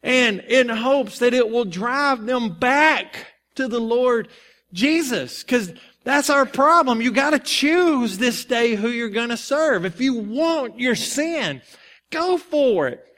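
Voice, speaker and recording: A male preacher giving a sermon, telling a personal story and then reading and explaining scripture in an animated, conversational way. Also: extremely high pitch, takes it slowly.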